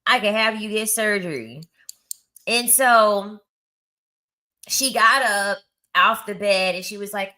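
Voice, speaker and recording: A woman in her thirties tells a story in casual chat, blunt and crude as she mocks people. Her voice is bright and forceful, at a middling pitch. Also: a little slow. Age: 30s. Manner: blunt, crude and mocking, with frequent laughs. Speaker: content creator.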